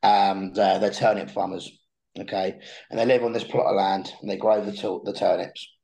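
A young man spins a long story in relaxed conversation, often doubling back on his words. His voice sits low and gravelly, with a mellow, dark tone. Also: moderate pace, low-quality recording. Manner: animated storyteller who repeats words when starting sentences. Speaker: podcast guest.

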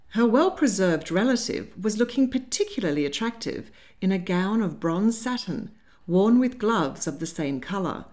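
A woman narrating a humorous period novel aloud. Her storytelling is measured and clear, with pitch that rises and falls in a lively way. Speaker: audiobook narrator. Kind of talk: scripted narration.

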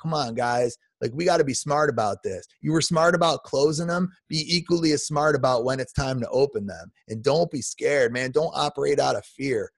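A man's voice: medium pitch, moderate pace, creaky, hardly any pauses, no echo. A man in his forties, a podcast guest delivering an emotional, heartfelt rant full of restarts. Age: 40s. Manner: emotional, repetitive restarts, says "man" often.

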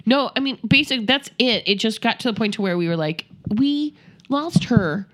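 A woman's voice: on the high side, lively intonation, fast talker, fairly bright tone. A woman co-hosting a casual chat, telling a family story with animation and acting out voices.

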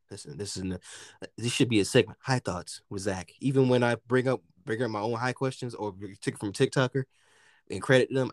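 A man from the United States hosting a casual podcast chat, telling stories in an animated way with lots of slang and swearing and acting out what people said. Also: on the low side, no room sound. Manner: animated storytelling, heavy slang and swearing, acts out quotes. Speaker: podcast host.

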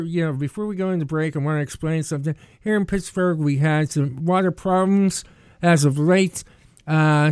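A man's voice: a little high, darkish tone, smooth, no room sound, clean studio sound. A man hosting a talk show, talking bluntly and swearing freely in casual chat. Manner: blunt, profane, emphatic.

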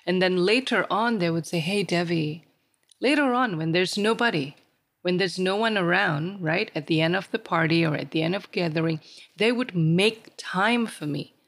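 A woman's voice: fairly low pitch, normal speed. A woman in a casual podcast conversation, telling stories and livening up when she quotes other people. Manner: storytelling, animated when quoting others.

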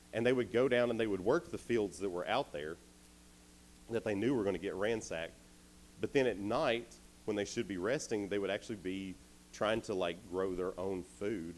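A man's voice: lowish voice, slight background noise, rough recording. A man preaching to teens, retelling a story casually and acting out the characters' lines. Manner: animated, acts out characters in quotes. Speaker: youth speaker. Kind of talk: youth sermon, casual storytelling.

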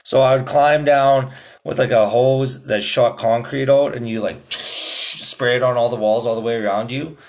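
A man's voice: mid-range voice, fairly even intonation, moderate pace, a little mellow. A man hosting his own podcast in loose, rambling casual chat, swearing a lot and calling listeners "dude". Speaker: podcast host.

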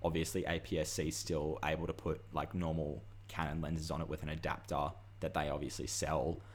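A young man, co-hosting a casual chat and ranting freely with swearing and animated asides. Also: very deep voice, fairly quick. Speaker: podcast co-host.

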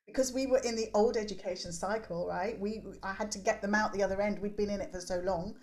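A woman's voice: mid-range voice, fairly even intonation, fast, crowd noise. A woman in her forties, a guest on a podcast, talking emphatically about her work with teenagers and often tagging her points with "right?". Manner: emphatic, preachy, tags "right?". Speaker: podcast guest, youth development coach. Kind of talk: animated interview talk.

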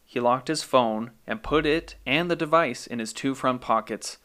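A man hosting a podcast and narrating a scripted story in a calm, measured way. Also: medium pitch, clear, resonant tone.

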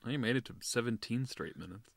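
A man's voice: mid-range voice, expressive, fast, vocal fry, no room sound. A man co-hosting a podcast in casual chat, with dry, understated quips. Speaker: podcast co-host.

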